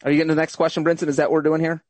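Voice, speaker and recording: Casual: high voiced guy on a podcast ribbing his buddies. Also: flat delivery, rapid-fire, dry recording. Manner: teasing, playful. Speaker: podcast co-host. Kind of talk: casual chat.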